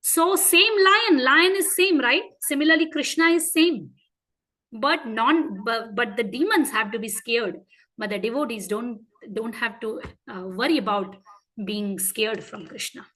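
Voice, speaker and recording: A woman with an Indian English accent teaching a class of children, asking them frequent questions and telling stories in an animated way. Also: a little high, unhurried, rough recording. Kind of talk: interactive lesson for children.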